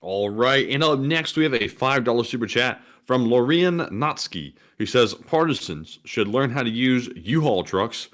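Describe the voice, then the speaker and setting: A male co-host on a live stream, reading viewer messages in a steady, friendly cadence. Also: mid-range voice, moderate pace, few pauses.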